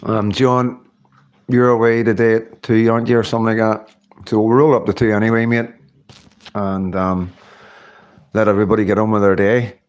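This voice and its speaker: Middle-aged guy rambling on his live stream, lowish voice, laughs a lot. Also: level tone, moderate pace, pauses often, smooth, muffled recording. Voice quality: rambling, chatty, laughs often. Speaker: livestream host. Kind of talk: casual live-stream chat.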